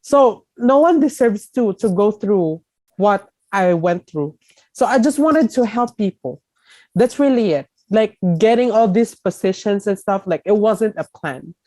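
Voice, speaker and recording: A woman's voice: mid-range voice, a little mellow, no echo. A young woman from the Philippines with a Filipino accent, talking openly and with feeling as a podcast guest. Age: young adult. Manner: emotional, laughing through tears. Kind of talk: conversational interview.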